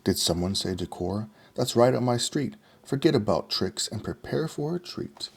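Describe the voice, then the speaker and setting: Eager, friendly pumpkin lad, read by a man, raised a bit higher, still husky underneath. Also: expressive, moderate pace, exaggerated voice. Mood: cheerful. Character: cheerful kind young pumpkin boy.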